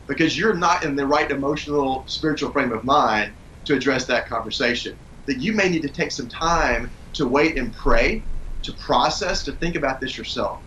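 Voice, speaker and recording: A man in his forties, talking in an earnest, calm way as he gives parenting advice and tells a family story in an interview. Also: on the high side, a little hiss or hum, rough recording. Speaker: parenting guest.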